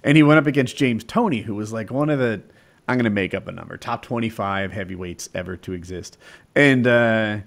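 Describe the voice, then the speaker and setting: A man in casual chat, telling fight stories in an animated, excitable way. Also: fairly low pitch, a little fast, vocal fry.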